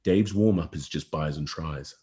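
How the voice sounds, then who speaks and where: Kiwi rugby guy, very low voice, rambling slangy podcast chat. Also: normal speed, warm tone. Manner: rambling, laughs often, slangy. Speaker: podcast co-host, rugby player. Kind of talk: casual chat.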